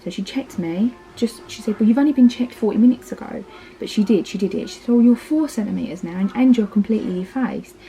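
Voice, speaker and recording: Speaking fast in a mellow, mid-range voice over soft background music, this woman tells her birth story on a rough recording. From Essex, England, with an Essex English accent and in her thirties, the parenting vlogger is chatty, fills her talk with "like" and "um," and acts out quoted lines.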